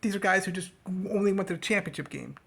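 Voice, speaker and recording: Sarcastic male sports vlogger, rambling fan rant, swings into high mocking tones. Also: fast talker, creaky, a bit bright, husky. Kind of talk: casual sports rant to camera.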